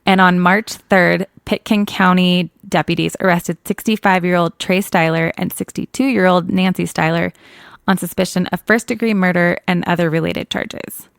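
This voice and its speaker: A woman's voice: lowish voice, fairly even intonation, normal speed, vocal fry, clean tone, no echo. A woman co-hosting a podcast, casually retelling a case in a chatty way that is full of small corrections. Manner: chatty, laughs often, self-correcting. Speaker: true crime podcast co-host.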